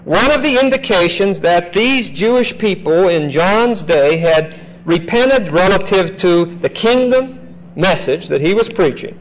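A man teaching a classroom Bible lecture, slow and emphatic, often checking in with "okay?". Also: sits high, animated, rough recording.

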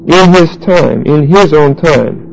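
A man teaching a Bible lesson, explaining Greek grammar deliberately and spelling out words as he writes them on a board. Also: on the high side, gravelly, a little hiss or hum, low-quality recording. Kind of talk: Bible study lecture.

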